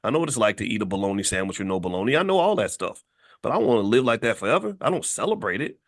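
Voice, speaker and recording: A man's voice: lowish voice, big pitch swings, racing. A man from Kentucky hosting a podcast, talking emphatically with frequent restarts and repeated words. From Kentucky, USA. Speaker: podcast host. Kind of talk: passionate social commentary.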